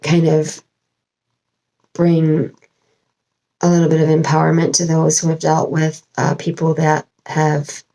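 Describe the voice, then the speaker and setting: Gravelly low-voiced woman channeler. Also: completely flat delivery, unhurried, pauses often, mellow, low-quality recording. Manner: rambling, meandering, with many fillers and restarts. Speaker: spiritual channeler. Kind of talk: casual spiritual vlog monologue. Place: at home.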